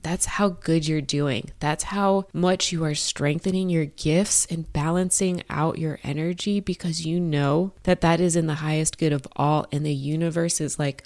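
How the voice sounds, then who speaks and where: A woman's voice: sits low, steady tone, normal speed, hardly any pauses, a little mellow. A young adult woman giving a casual spiritual message, swearing freely and laughing as she talks. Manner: profane, laughing, conversational. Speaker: spiritual channeler.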